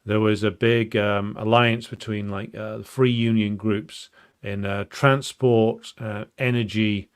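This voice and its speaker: A man's voice: fairly low pitch, fairly even intonation, a little slow, clear, resonant tone. A man giving an unscripted, explanatory talk on political history, thinking aloud with frequent ums and restarts and a blunt, emphatic edge. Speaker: political commentator.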